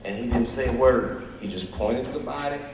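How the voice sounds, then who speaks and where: A man's voice: medium pitch, a little fast, background noise. A man comedian telling a profane, conversational story on stage, recorded from far off in an echoey hall. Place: large hall at a live event.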